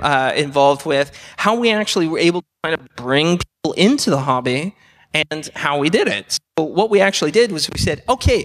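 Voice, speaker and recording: An enthusiastic man presents a conference talk, often turning to ask the audience questions. His voice is high and swings widely in pitch. It echoes through a large hall. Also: a bit bright.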